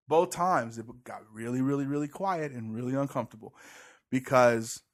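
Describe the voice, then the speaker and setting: A man's voice: medium pitch, normal speed. A man co-hosting a podcast, chatting casually and sarcastically, acting out quoted talk, with audible heavy breathing. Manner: sarcastic, storytelling, acts out quotes. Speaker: podcast co-host. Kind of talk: casual chat about church.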